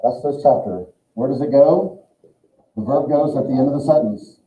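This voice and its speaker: A man's voice: medium pitch, moderate pace. A man teaching a German grammar class, explaining step by step and thinking aloud. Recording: echoey room on a tinny lo-fi recording.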